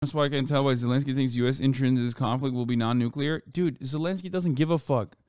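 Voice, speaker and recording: A man streaming live, reacting to news with profane, animated commentary and talking back to his chat. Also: mid-range voice, smooth, no room sound, clean studio sound. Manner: reads quotes aloud quickly.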